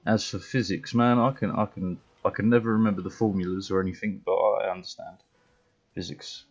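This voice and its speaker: Deep-voiced British man, sweary gaming streamer. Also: fairly even intonation, brisk. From Britain. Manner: blunt, sweary, laughs often. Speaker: game streamer. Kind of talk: casual chat while gaming. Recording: dull lo-fi mic.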